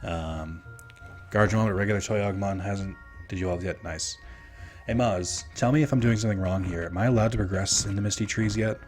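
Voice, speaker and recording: A man's voice: fairly low pitch, fairly quick. A young man casually streaming a game, rambling to chat with lots of fillers. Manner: rambling, filler-heavy, relaxed. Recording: game music behind.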